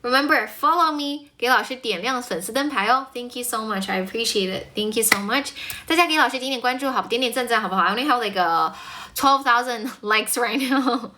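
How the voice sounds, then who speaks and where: A woman's voice: a little high, noisy background. A woman from China with a mostly American accent, a chatty English speaking teacher who greets viewers and laughs easily on a live stream.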